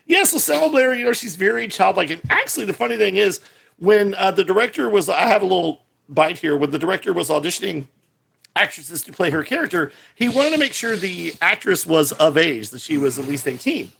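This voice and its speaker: A man co-hosting a casual movie podcast, talking in animated bursts that jump from high excited peaks to low asides. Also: a little fast, gravelly, husky. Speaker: podcast co-host.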